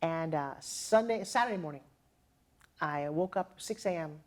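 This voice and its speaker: A middle-aged woman telling personal stories as a motivational speaker, lively and acting out quoted dialogue with laughs. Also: deep voice, unhurried. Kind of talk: personal storytelling to an audience.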